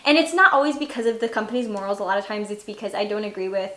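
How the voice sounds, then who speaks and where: Her mid-range voice races along, fairly bright, bouncing around an echoey room. The young adult channel host tells chatty stories packed with fillers and laughs.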